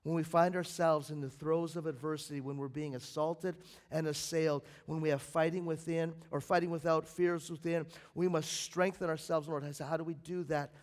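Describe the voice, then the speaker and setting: A man preaching a sermon as pastor, swinging between loud emphatic bursts and quiet, low passages. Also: flat delivery, a little fast, few pauses. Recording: long hall reverb.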